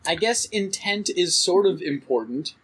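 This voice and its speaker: A man co-hosts a casual podcast and mostly gives dry, short replies. He speaks slowly with a husky voice. His pitch moves around a lot. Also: lively intonation, a bit bright. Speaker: podcast co-host. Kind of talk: casual chat.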